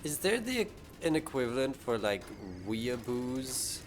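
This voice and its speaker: A man's voice: medium pitch, big pitch swings, unhurried, a little hiss or hum. A man streaming a game live, thinking aloud and talking to his chat in a casual, musing way. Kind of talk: casual live-stream commentary while gaming.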